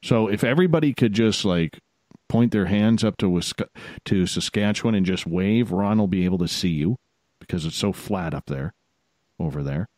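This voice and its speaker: A man hosts a casual radio chat in a low, deep voice. He rambles and jokes his way through shout-outs. The sound is dry and close, with no room around it. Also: expressive, normal speed, no room sound. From Canada. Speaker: radio show host.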